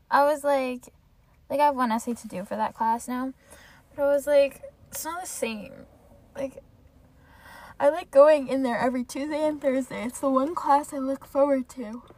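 A woman's voice: medium pitch, darkish tone. A young woman hosting a casual solo podcast, chatting in a gushing way with lots of "like.". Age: young adult. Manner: chatty, gushing, heavy use of "like". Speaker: podcast host.

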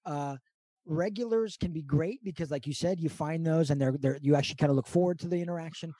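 A man's voice: on the high side, fast, dark tone, no room sound. A man co-hosting a podcast over a video call, talking in casual, profane, mock-grandiose rants. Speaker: podcast co-host. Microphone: remote over video call.

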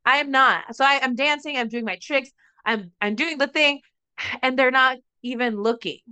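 A young woman with a bright, crisp voice, swearing freely as she tells a story on a podcast. She acts out other people's lines with lively energy. The sound is dry and close to the mic. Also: high voice, normal speed, dry recording. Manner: animated, profane, acts out quotes of others. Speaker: podcast co-host. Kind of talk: casual storytelling chat.

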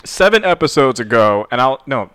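A man co-hosting a casual gaming podcast, telling stories with animated acted-out reactions. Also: mid-range voice, moderate pace, clear, resonant tone. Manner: animated storyteller, acts out reactions in quotes. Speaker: podcast co-host.

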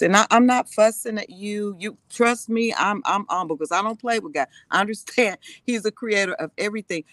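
A woman's voice: medium pitch, brisk, hardly any pauses, a bit bright, no room sound. A woman co-pastor tells her faith testimony in an interview, acting out the voices she quotes.

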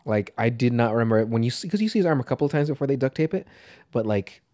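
A man's voice: medium pitch, lively intonation, rapid-fire, warm tone. A man co-hosting a casual movie podcast, rambling and swearing freely as he talks. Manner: rambling, swears, trails off and restarts. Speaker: podcast co-host.

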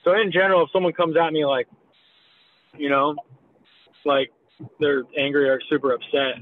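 A man's voice: a little high, fairly even intonation, moderate pace, slight background noise. A man in his thirties telling a story in a casual, profane, laid-back way, as a guest. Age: 30s. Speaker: guest, meme creator. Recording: tinny phone line.

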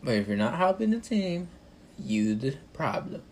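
A man's voice: fairly high pitch, big pitch swings, normal speed, a little mellow, slight background noise. A young man talking over his own online match, ranting and swearing at his teammates in frustration. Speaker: gamer. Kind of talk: live gameplay commentary.

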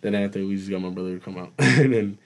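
A man's voice: deep voice, fast, vocal fry. A young man casually telling a rowdy story to friends, full of laughter and swearing. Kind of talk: casual chat.

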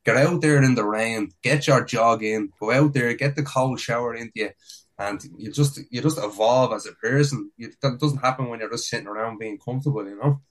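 A man's voice: medium pitch, fairly quick, poor audio. A man, a guest on a casual podcast, speaking earnestly and motivationally with many "like"s. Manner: earnest, motivational, full of fillers like "like".

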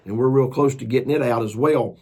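A man's voice: medium pitch, a little fast, dark tone, breathy edge. A man, a preacher and author, telling a story in a folksy, earnest, casual way. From Georgia, US.

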